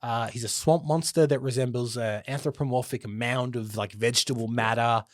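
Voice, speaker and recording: A man hosts a podcast in a casual, easygoing way. He explains things at a steady middle pitch and laughs along with his co-host. The sound is close-miked and dry. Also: normal speed, dry recording. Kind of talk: casual chat.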